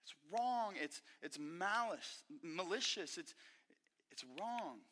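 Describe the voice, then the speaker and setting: A male pastor delivers a sermon with a high, bright, forceful voice. He preaches animatedly and emphatically, often restarting phrases. Long hall reverb from the church sanctuary surrounds him. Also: expressive, slow pace.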